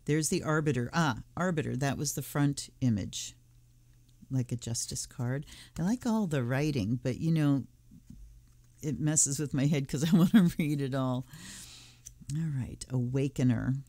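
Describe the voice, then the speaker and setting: A woman's voice: extremely low pitch, a little slow, dark tone, no room sound. A woman hosting a tarot channel, thinking aloud in a casual, musing way as she unboxes and looks through a deck. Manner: musing, thinking aloud while flipping cards. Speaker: tarot reader and channel host.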